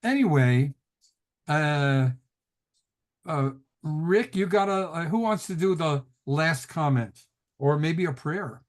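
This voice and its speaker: Middle-aged male rabbi, fairly high voice, casual storytelling lecturer on a video call. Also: lively intonation, takes it slowly. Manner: chatty storyteller, laughs often, restarts sentences. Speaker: rabbi teaching a class.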